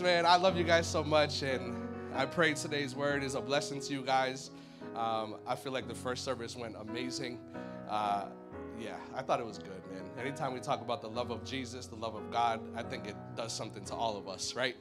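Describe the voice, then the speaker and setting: A man preaching a sermon at a church service, energetic and casual, full of slang and jokes. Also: mid-range voice, brisk, loud music behind the voice. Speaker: guest preacher.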